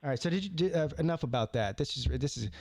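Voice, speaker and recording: Excitable, rambling man hosting sports talk. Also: a little high, fast talker, no room sound, clean studio sound. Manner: animated, rambling, many restarts. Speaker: sports talk show host. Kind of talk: live call-in sports talk.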